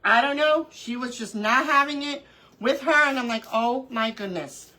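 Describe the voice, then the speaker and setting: A woman's voice: high-pitched, normal speed, rough recording. A middle-aged woman hosting a live crafting stream, chatting casually and telling stories with frequent laughter. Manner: animated storyteller, laughs often. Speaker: craft livestream host.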